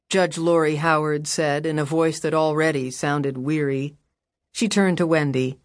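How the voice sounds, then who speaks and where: A woman reading a crime novel aloud as audiobook narrator, measured and wry. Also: low-pitched, dry recording, studio quality. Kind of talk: scripted narration. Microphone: close studio mic.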